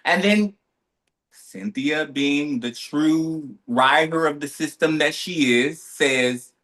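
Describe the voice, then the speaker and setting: A man co-hosting a podcast, telling a story in lively, casual chat with quick asides. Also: a little high. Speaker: podcast co-host.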